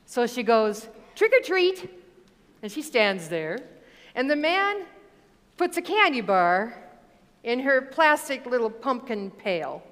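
A woman preaching a sermon, reading scripture and telling stories in a measured, deliberate way. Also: on the high side, very animated, a bit bright, big-room sound. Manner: measured, deliberate delivery with storytelling asides.

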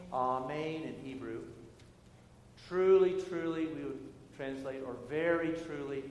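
A middle-aged pastor preaching a sermon in a church, speaking in a deliberate, emphatic way with measured pauses. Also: male voice, on the high side, a little hiss or hum. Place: church sanctuary. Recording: echoey hall with faint ambience.

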